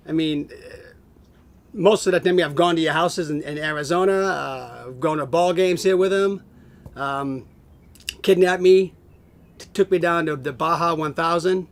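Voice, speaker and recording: A middle-aged man casually telling a long story, animated, acting out what others said and laughing often, recorded on a home video camera. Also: fairly high pitch. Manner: animated, acts out quoted voices, laughs often. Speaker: family friend telling stories.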